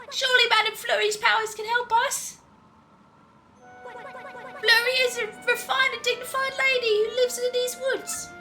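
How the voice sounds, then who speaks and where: A woman voicing an excitable young female adventurer sidekick, reading game dialogue in a chirpy, quick, high-pitched manner. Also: a little hiss or hum, full character voice.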